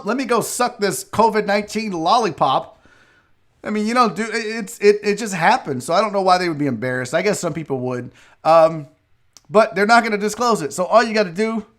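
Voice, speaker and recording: A man hosting a loose, joking sports talk show. His voice sits high for a man and lands in quick asides. He drops into an exaggerated Southern drawl for a laugh now and then. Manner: loose, joking, reads chat messages aloud; slips into a put-on Southern gentleman drawl. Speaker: sports radio host. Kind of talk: live sports talk show, casual chat.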